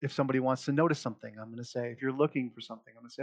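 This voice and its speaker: Talking rapid-fire in a mid-range voice, this game master explains the rules and how to build characters in a loose, easygoing way, full of fillers and frequent laughter. The recording is dry.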